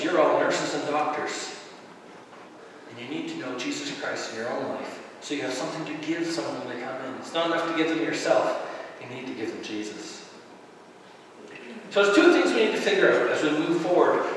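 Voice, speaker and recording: A man from the Canadian Maritimes preaching a sermon as pastor, animated and often laughing and acting out voices. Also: on the high side. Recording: echoey hall, speaker far from the mic, faint noise.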